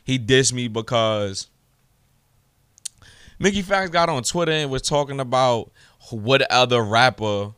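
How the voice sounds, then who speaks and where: A man's voice: medium pitch, animated, a little slow, pauses often, fairly bright tone, clean tone, dry recording, clean studio sound. A young man hosting his own podcast alone, ranting in a profane, heated, swaggering way. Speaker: podcast host. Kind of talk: solo podcast rant.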